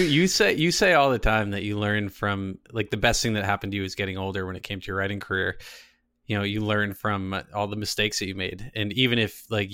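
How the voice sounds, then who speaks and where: A man's voice: fairly low pitch, smooth, no echo. A man hosting a casual interview, asking loose, rambling questions peppered with "like". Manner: relaxed, rambling questions full of "like". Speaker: podcast host.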